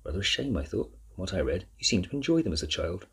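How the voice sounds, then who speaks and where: A man voicing a calm, shrewd professor and collector who questions smoothly and dryly. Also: sits low, fast talker, heavily acted. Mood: mild.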